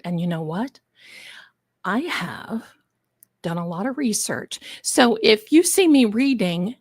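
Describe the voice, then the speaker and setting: A livestream host chats casually and theatrically, calling her viewers "darlings" while her voice sounds congested from allergies. She speaks in a mid-range voice, and the studio-quality recording has no room sound.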